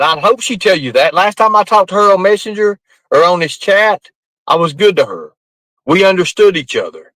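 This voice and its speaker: Man, live streamer, defensive, profane, rambling, sharp bright voice, dry sound. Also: sits high, dry recording, low-quality recording. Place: outdoors at night in the rain.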